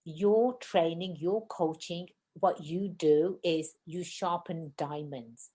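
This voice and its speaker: A woman hosting a podcast interview, talking fast and effusively in a casual chat. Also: lowish voice, warm tone. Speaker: podcast host.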